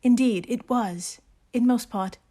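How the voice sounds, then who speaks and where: A woman doing a genteel British lady of letters, reading her diary in a prim, measured way with an attempted British accent. The voice sits a bit high. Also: mellow.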